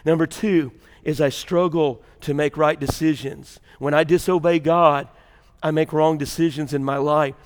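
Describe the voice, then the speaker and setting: An older man, preaching a sermon in a church with folksy storytelling, going from loud and animated to hushed and intense. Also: on the high side, in a large hall. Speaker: pastor.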